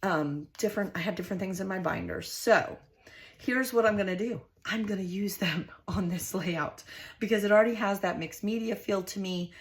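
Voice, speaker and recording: Sitting at her craft desk, a middle-aged scrapbooking host talks straight to her audience in a chatty, homey crafting tutorial. She has a mid-range voice and keeps a moderate pace.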